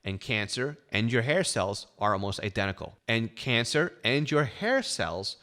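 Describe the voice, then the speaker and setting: A middle-aged podcast host recounts a personal story in monologue form, frank and wry and quick to poke fun at himself. He speaks at medium pitch with wide swings in intonation, keeps a moderate pace, and has a sharp tone.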